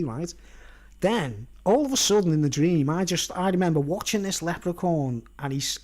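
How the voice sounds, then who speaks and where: A man's voice: sits high, a little mellow. A man with an Irish accent vlogging, telling a long dream story in a rambling, chatty way and checking in with his listeners all the time. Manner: chatty, keeps asking "right?" and "you know what I mean".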